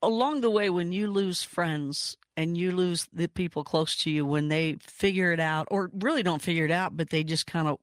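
A man's voice: fairly high pitch, moderate pace, hardly any pauses, a bit bright, smooth, no room sound. A man interviewing a guest, asking hesitant, probing questions.

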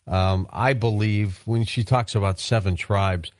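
A man's voice: lowish voice, fairly even intonation, unhurried, dry recording. A man hosting a late-night call-in radio show, easygoing and curious, weighing his answers thoughtfully at a studio microphone. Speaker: radio talk show host.

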